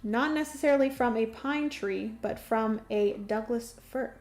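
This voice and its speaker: A woman's voice: a little high, a little slow, soft background music. A young woman livestreaming a solo board game, thinking aloud through her moves and chatting with viewers. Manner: chatty, thinks aloud while playing, greets chat warmly.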